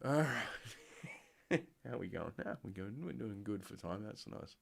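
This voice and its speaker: A man's voice: fairly low pitch, expressive, moderate pace, gravelly, no room sound. An Australian man hosting a streaming show, ranting sarcastically through news stories with a blocked, sniffly nose and plenty of swearing. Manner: profane, sarcastic, rambling. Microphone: desk microphone.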